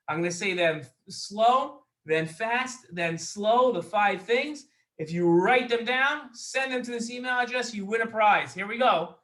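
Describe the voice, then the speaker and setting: A man hosts a children's show and speaks straight to the young viewers. His voice is high and bright, and he talks slowly and deliberately. The sound is recorded in an echoey room. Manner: drawn-out, deliberate, addresses viewers. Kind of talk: slow, deliberate presenting of a kids' quiz.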